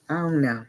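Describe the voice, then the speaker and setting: A man talking earnestly in a personal vlog monologue, searching for words in short halting phrases and sounding emotionally unsettled. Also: on the high side, fairly bright tone, a little hiss or hum. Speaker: vlogger.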